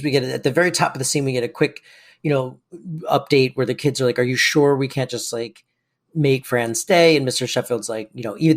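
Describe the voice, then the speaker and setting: A young man co-hosting a podcast, chatting casually and acting out lines from an episode in quick, lively bursts. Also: mid-range voice. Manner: animated, acts out quotes in quick bursts. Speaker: podcast co-host. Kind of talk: casual chat recapping a sitcom episode.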